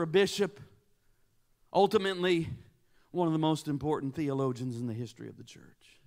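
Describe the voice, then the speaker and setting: A man in his sixties gives a sermon as a guest preacher. His voice sits high for a man. He tells the story dramatically, sinking to near whispers and then building to emphatic peaks.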